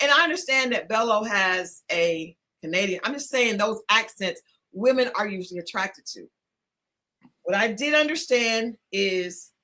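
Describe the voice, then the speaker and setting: Bright, animated woman telling a story. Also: fairly high pitch. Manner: animated, laughing, with many restarts. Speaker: podcast co-host. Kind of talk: casual storytelling chat.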